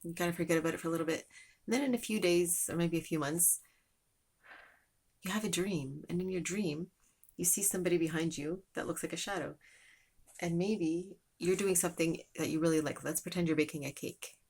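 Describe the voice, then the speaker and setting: A woman talks through a gentle lesson as a loose, meandering story. She wanders off track with fillers and restarts. Her voice sits low and sounds husky and airy. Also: brisk. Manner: rambling and meandering, many fillers. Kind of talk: casual spoken storytelling lesson.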